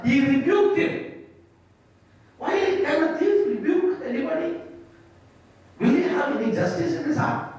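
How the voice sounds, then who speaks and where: A man preaching a sermon as pastor, emphatic, repeating phrases and asking rhetorical questions. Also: very high-pitched. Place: church hall. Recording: echoey hall, mic at a distance.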